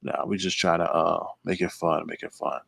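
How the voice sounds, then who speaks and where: A man's voice: deep voice, fairly even intonation, normal speed, creaky, a bit bright, breathy edge, dry recording, clean studio sound. A man hosting a late-night livestream, chatting casually, greeting viewers by name and rambling through asides. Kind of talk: casual live-stream commentary.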